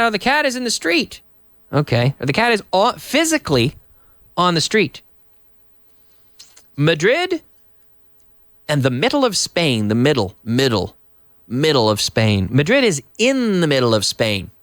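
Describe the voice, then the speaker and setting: A man teaching an English lesson on TV, explaining slowly, repeating example sentences and switching into Spanish. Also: on the high side, fairly bright tone, dry recording, studio quality. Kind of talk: classroom lesson on TV. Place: TV studio.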